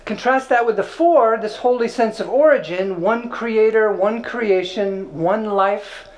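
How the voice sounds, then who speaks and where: A high-voiced man delivers a relaxed spiritual teaching, a little slowly, in a low-quality recording. He sounds conversational and playful, using filler words as if chatting with a small class.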